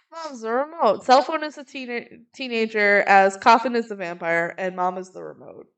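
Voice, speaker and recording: Chatty woman podcast host, higher voice. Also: a bit bright. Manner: chatty, retells scenes with quick acted quotes and laughs. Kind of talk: casual movie recap chat.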